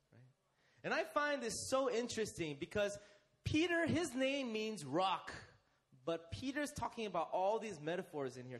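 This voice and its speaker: A young man preaching a sermon, asking his listeners questions and slowing down to stress key phrases. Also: sits high, a bit bright. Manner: interactive, asks the congregation questions and leads them.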